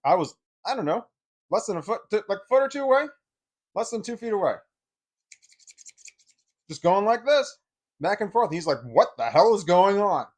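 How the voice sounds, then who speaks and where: A man's voice: sits high, animated, moderate pace, long pauses. A man telling a personal story in a casual, rambling way, full of fillers and repeating himself.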